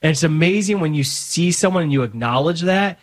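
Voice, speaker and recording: A man's voice: fairly high pitch, animated, fairly quick. A man as a podcast guest, talking earnestly about faith with lots of restarts and acted-out quotes. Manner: earnest, many restarts, acts out quoted dialogue. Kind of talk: casual faith conversation.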